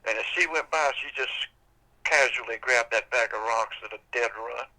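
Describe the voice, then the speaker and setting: A man's voice: mid-range voice, moderate pace, pushed and bright, low-quality recording. An older man telling a folk tale on a podcast in a folksy, casual way. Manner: folksy, casual, drawling storytelling. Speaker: storyteller.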